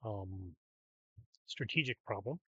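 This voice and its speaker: A man casually commenting over his own gameplay, rambling and hesitant with frequent pauses and restarts. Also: fairly low pitch, expressive, a bit bright, breathy edge, no echo, dull audio. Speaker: gameplay streamer.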